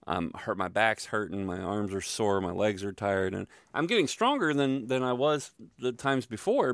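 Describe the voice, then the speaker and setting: Middle-aged guy rambling thru a story, lots of you-knows, gravelly voice, dry close sound. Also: lowish voice, fairly bright tone, no echo. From Louisville, Kentucky area. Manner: rambling, self-deprecating, many fillers and asides. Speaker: podcast host telling a personal story. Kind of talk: casual storytelling monologue.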